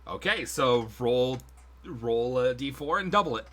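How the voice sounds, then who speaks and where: A man's voice: mid-range voice, expressive, unhurried, fairly bright tone. A man running a tabletop game as game master, casual and swearing, with frequent laughs. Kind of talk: narrating a tabletop game on stream.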